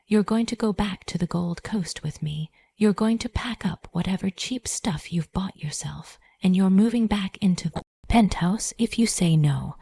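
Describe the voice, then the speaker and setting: A woman voicing a cruel, smug wealthy ex-husband in a low, smooth, taunting whisper, as whispered role-play. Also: dark tone, no echo.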